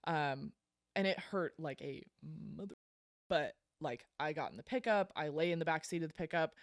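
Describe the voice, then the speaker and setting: A woman guest on a podcast, telling a story in casual talk, animated and self-deprecating, laughing often and with plenty of fillers. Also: low voice, normal speed, dry recording, clean studio sound. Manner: frequent fillers like um and like.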